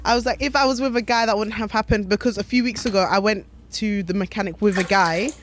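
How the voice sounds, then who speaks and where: A woman's voice: mid-range voice, quick pace, a little hiss or hum. Chatty woman telling a story. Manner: animated, chatty, lots of fillers. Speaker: podcast co-host. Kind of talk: casual storytelling.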